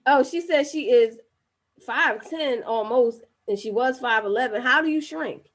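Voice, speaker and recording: A woman with a high voice hosts a casual live-streamed interview over a video call. She chats freely, restarts her sentences and reads viewer comments aloud. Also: unhurried. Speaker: host of a live-streamed talk show.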